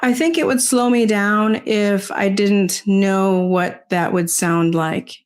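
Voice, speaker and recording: An older woman talking as an interview guest, rambling casually with many "you know"s and soft laughs. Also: mid-range voice, steady tone, slow, clean tone. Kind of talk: casual conversation.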